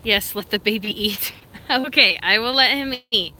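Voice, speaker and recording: A woman hosting a casual live stream, talking to viewers, laughing often and giving short, firm commands to her excited dog. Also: fairly high pitch, moderate pace, slight background noise. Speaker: live-stream host training and feeding her service dog.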